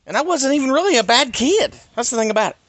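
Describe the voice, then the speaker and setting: A middle-aged man from North Carolina, telling a personal story in an animated, emphatic rant. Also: very high voice, fast talker, no echo. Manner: animated, emphatic, swings between loud and hushed. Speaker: YouTuber.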